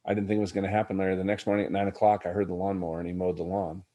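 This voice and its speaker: Middle-aged male podcast guest, low-ish voice, earnest reflective storyteller. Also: level tone, racing, warm tone. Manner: earnest, reflective, addresses the host by name. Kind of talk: personal storytelling in a podcast interview.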